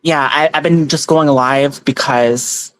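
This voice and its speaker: A woman's voice: deep voice, steady tone, slow, dry recording. Chatty giggly woman hosting a livestream. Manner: chatty and giggly, warmly thanking viewers by name. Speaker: tarot reader and livestream host. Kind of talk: casual livestream chat, reading out viewer comments.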